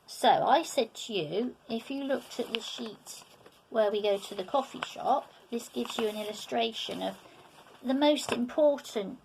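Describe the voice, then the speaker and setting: A woman's voice: a little high, vocal fry, breathy edge. A middle-aged woman teaching a beginners' language lesson, patient and repetitive, often checking in with "okay?". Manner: patient, repeats words slowly, checks in with "okay?". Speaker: French teacher. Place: room, sitting at a table.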